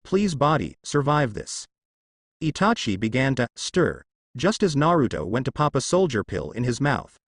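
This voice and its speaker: A man reading a fan-fiction story with expressive, animated pitch. His voice is recorded close and dry, with no room sound. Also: moderate pace, slightly rough, dry recording. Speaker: narrator.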